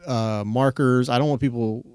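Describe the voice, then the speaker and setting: A man's voice: mid-range voice, steady tone, normal speed, darkish tone, smooth, dry recording. A man hosting a podcast, chatting casually with his guest in an easygoing way, often restarting his sentences. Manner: easygoing, with frequent restarts and fillers. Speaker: podcast host. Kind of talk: casual conversation.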